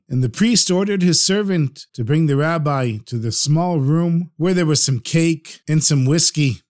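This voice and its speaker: An expressive male storyteller narrates with animated delivery, his voice sitting a little high for a man. He pauses to explain terms as he goes.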